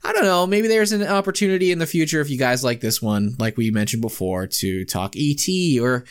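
An excitable man co-hosting a podcast, his pitch swinging widely as he rambles through asides. He laughs and swears easily in loose, casual chat. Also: fairly quick, clean tone. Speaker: podcast co-host.

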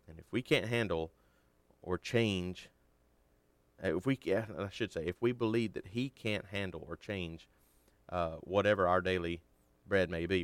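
A man giving an earnest devotional teaching on a Bible chapter, slowing down to stress key words. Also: sits low, smooth, no echo.

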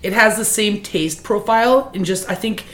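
A woman from Canada chatting casually on a podcast, telling animated, swear-filled stories about baking. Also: mid-range voice, moderate pace. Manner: profane, animated storyteller. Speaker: guest baker. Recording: echoey room.

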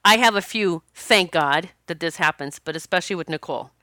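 A spiritual vlogger speaks to camera in a casual, confessional way, chatty and rambling, restarting her thoughts and laughing often. Her voice is lowish, brisk, pushed and bright, with no room sound.

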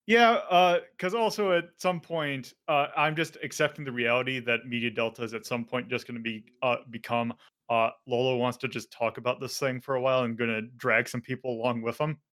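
A man's voice: mid-range voice, fairly even intonation, a little fast, a bit bright. Rambling, casual male podcast host. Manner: rambling, many fillers and self-corrections.

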